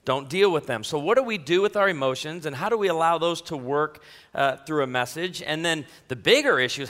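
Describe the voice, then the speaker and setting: A man's voice: a little high, sharp tone, big-room sound. A man preaching a sermon as pastor in a church, talking straight to the congregation in a joking, self-deprecating, conversational way. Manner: talks directly to the congregation. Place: church sanctuary.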